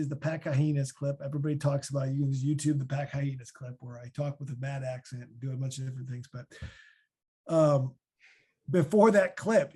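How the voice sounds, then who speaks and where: A man in his thirties with a Midwestern American accent, answering podcast questions as a former linebacker in a chatty, animated way. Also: on the high side, breathy edge. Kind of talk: casual podcast Q&A.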